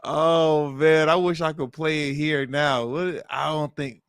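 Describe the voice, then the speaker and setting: A man's voice: fairly high pitch, level tone, measured pace, a bit bright, smooth, no room sound, studio quality. Chatty man co-hosting a casual stream. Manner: chatty with frequent laughs and fillers. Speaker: stream co-host. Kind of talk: casual livestream chat.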